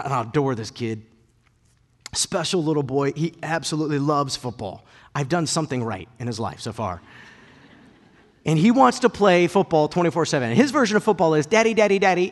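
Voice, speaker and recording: A man in his thirties preaching a sermon and telling personal stories, lively and animated, his voice rising and getting loud when excited. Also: a little high, big-room sound. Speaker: pastor.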